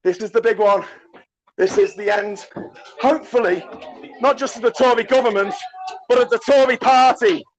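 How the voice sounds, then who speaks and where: A man live streaming at a crowded party, cheering, shouting greetings and chatting excitedly, getting hoarse. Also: very high voice, normal speed, long pauses, soft background music, rough recording. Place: crowded indoor party venue.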